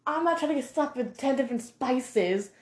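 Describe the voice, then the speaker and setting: A woman ranting casually to camera in an animated, heated way, filling her talk with "like". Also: high-pitched, moderate pace. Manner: animated, heated, heavy use of 'like'. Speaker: vlogger. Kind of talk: casual monologue rant. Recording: echoey room.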